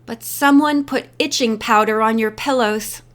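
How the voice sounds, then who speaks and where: A woman voicing a calm, helpful young woman detective with a steady, sympathetic manner. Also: a little high, a little slow.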